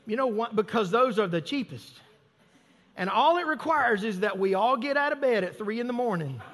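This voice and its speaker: A man's voice: sits high, animated, normal speed, fairly bright tone. A male pastor preaching a sermon in a conversational, self-mocking way, acting out little everyday scenes. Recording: long hall reverb.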